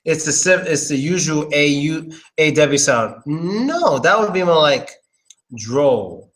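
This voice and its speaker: A man's voice: a little high, lively intonation, a little slow, a bit bright, low-quality recording. A young man giving a casual, chatty English pronunciation lesson, drilling words over and over. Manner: chatty, loose, repeats words.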